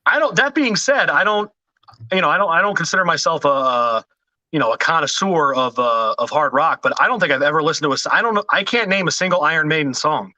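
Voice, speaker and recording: A man talking as a podcast guest in casual chat, hesitant with many restarts and quick to laugh. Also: on the high side, animated, bright, forceful tone, dry recording, lo-fi sound.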